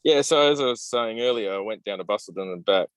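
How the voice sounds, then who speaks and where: A man's voice: fairly low pitch, fast talker, clean tone, dry recording, poor audio. An Australian man chatting casually on a video call, laid-back and blunt, with the odd swear word. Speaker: club member. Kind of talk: casual chat.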